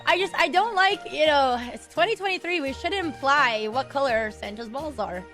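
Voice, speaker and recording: Teasing young woman, high voice. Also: moderate pace, music in the background. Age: early 20s. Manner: teasing, playfully insistent. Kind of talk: joking chat in a clip.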